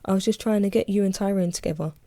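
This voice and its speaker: A man's voice: high-pitched, fairly even intonation, fast, dark tone, no room sound. Woman reading a pleading, apologetic male friend. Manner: pleading, eager to make amends.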